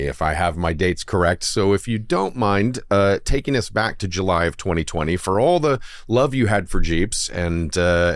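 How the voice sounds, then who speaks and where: A man co-hosting a podcast, asking questions and reacting in an animated way. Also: lowish voice, no room sound, studio quality. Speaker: podcast co-host. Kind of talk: casual interview.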